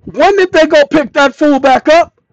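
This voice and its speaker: A man's voice: extremely high pitch, moderate pace, dry recording, highs cut off. A man hosting his channel, reading an old document aloud and commenting on it emphatically, often telling listeners to pay attention. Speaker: channel host.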